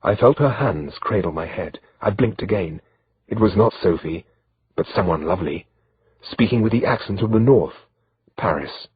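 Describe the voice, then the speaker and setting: A man narrating an audiobook in first person with a measured, steady delivery, in a slightly dull lo-fi recording. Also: low voice, breathy edge, dry recording.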